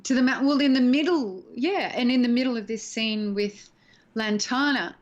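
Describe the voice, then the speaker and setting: A woman's voice: fairly high pitch, moderate pace. Chatty woman on a dull call. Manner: chatty, animated storyteller, laughs easily. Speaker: guest actress. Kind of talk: casual interview chat. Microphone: home video call.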